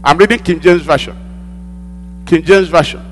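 A man's voice: fairly high pitch, moderate pace. A male pastor preaching a sermon, repeating lines for emphasis and prompting the congregation to answer back. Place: church hall. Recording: long hall reverb with mains hum.

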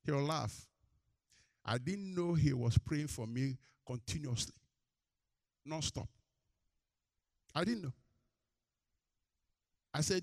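A man's voice: slow, pauses often, no echo. A male pastor preaching a sermon. He has the congregation finish verse lines and tells stories with rising energy. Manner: animated storytelling, climbs high and loud in anecdotes.

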